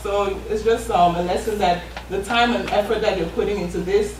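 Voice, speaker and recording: A woman's voice: mid-range voice, fairly even intonation, brisk. A woman hosting a live event, giving an encouraging talk with frequent ums. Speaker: event host. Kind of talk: motivational talk. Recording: echoey room, far from mic, noisy.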